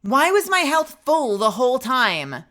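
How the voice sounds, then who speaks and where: Lively, bright-voiced woman streamer. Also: high-pitched, unhurried. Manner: profane, chatty storytelling; bursts into loud outrage during play. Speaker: livestreamer. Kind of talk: casual live gameplay chat.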